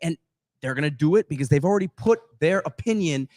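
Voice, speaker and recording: A man's voice: a little high, animated, quick pace, a little mellow. A man co-hosting a sports podcast, exasperated and stammering as he starts his points. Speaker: podcast co-host. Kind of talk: animated sports talk.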